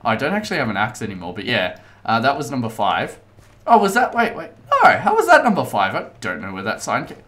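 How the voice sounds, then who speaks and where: Lively chatty man narrating gameplay. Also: medium pitch, fast talker. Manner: chatty, rambling, excitable. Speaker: let's play host. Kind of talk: casual gameplay commentary.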